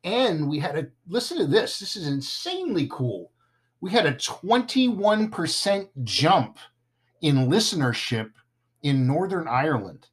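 A man's voice: on the high side, big pitch swings, measured pace. A man hosting a casual podcast, joking and stumbling over his words now and then. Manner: playful, self-deprecating, stumbles over words. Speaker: podcast host.

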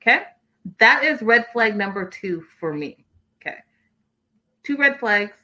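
A woman's voice: a little high, lively intonation, unhurried, bright, forceful tone, low-quality recording. A young adult woman hosting a casual live recap, gossiping about a reality show and answering viewer comments. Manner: chatty and gossipy, reads viewer comments aloud. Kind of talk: casual livestream recap chat.

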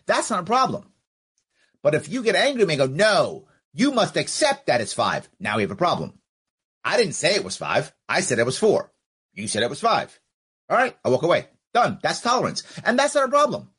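A man's voice: on the high side, fairly bright tone, slightly rough. A man hosting a podcast, arguing his view with rhetorical questions and acting out both sides of an exchange as he reads out listener comments. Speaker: podcast host.

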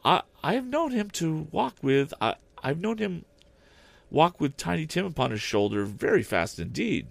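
A man voicing a grieving, gentle Victorian mother in a raised, soft voice while reading a storybook. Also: fairly high pitch, big pitch swings, normal speed, gravelly, no room sound, pitched above the performer's own voice, full character voice. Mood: tender.

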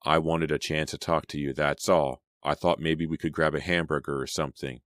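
A man's voice: rumbling low, flat delivery, fairly quick, a bit bright, dry recording, studio quality. A man reading a pushy resentful teenage boy. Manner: stammering then blunt.

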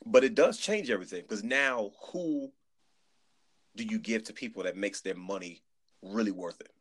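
A man in casual podcast chat, animated and emphatic, often restarting his sentences. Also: fairly low pitch, normal speed. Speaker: podcast guest.

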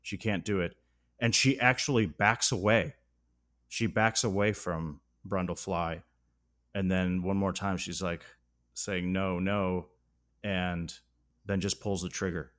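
A man with a fairly low voice walks through a film's plot in a podcast chat. He is animated, and his voice sinks low and hushed when the story turns tragic. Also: measured pace. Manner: enthusiastic, dramatic plot recap that drops low and solemn at sad moments. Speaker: podcast host.

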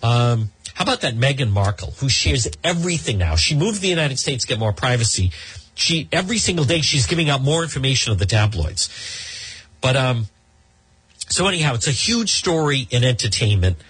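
A man's voice: medium pitch, big pitch swings, fairly quick, a bit bright, husky, no room sound. A man in his fifties giving a rambling, gossipy commentary monologue as a talk show host, with many ums and restarts.

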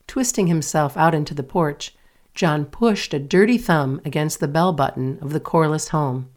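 Low-voiced woman reading a story. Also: normal speed, a little mellow. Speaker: narrator. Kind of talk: audiobook reading.

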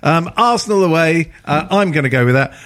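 A man hosting a football podcast, relaxed and teasing as he steers the chat. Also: a little high, a little fast. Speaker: podcast host.

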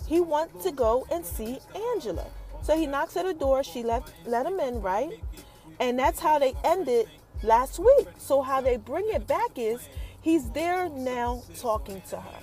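A woman casually recapping a TV episode for her viewers, chatty and animated, who keeps calling out to them. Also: high voice, unhurried, soft background music.

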